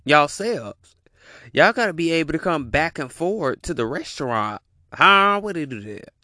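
A man's voice: on the high side, expressive, a little slow, bright, forceful tone, no echo, clean studio sound. A man giving a heated, profane reaction rant, repeating his punchlines. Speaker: commentator reacting to a video.

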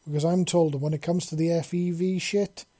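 A man voicing a gruff, blunt male paladin commander who swears as he briefs his team in an audiobook-style story reading. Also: fairly high pitch, steady tone, brisk, dark tone, voice pushed up, lightly acted. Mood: forceful.

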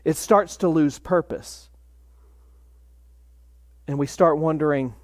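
A man preaching a sermon in a measured way, dropping to a hush for emphasis. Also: fairly high pitch, no echo, studio quality. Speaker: pastor.

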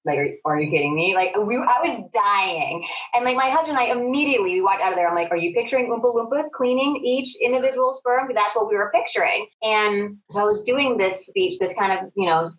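A woman comedian talking casually on a podcast, chatty and animated, with lots of "like" as she tells stories. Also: medium pitch, a little fast, distant mic, low-quality recording. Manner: chatty, heavy use of "like", animated storytelling. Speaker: comedian and guest.

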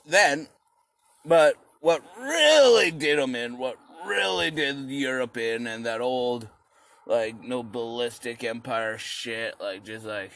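Rambling profane man, slow and lively. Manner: profane, rambling, acts out quoted voices in high shouts. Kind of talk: rambling comic history monologue.

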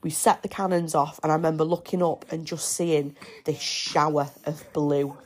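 Chatty low-voiced woman. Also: moderate pace. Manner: chatty, excitable, breaks off to coo at her baby. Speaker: podcast host. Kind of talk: casual storytelling.

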